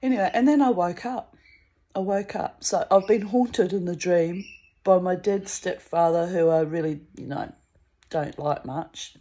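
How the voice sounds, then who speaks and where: Low-voiced woman rambling through a story. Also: measured pace, dark tone. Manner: rambling, wry, laughs mid-sentence. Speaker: vlogger. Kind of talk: casual storytelling monologue.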